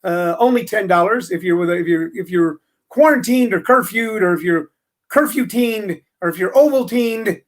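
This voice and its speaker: A man's voice: sits high, moderate pace. A man hosting his own show, talking in a wry, joking monologue full of ums and uhs. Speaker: podcast host and comedy teacher. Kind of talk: rambling comic monologue.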